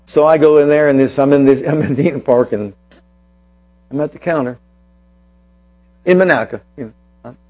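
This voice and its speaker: A man preaching a sermon as pastor, telling a personal story and then slowing down to press his points with emphasis. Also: fairly high pitch, mellow.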